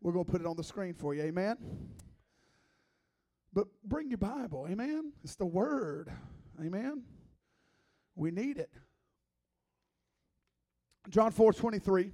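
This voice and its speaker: A man's voice: sits high, a little slow, long pauses. A man in his thirties preaching as a guest, a joking, conversational sermon full of teasing asides. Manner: playful, teasing, lively asides.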